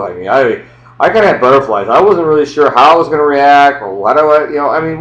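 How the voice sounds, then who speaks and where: A man's voice: a little high, animated, fast talker, fairly bright tone. Rambling, heartfelt man in his sixties. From United States. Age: 60s. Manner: rambling and heartfelt, full of "you know" and "I mean". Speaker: adoptee telling his story. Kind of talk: casual personal storytelling. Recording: roomy, dull lo-fi home recording.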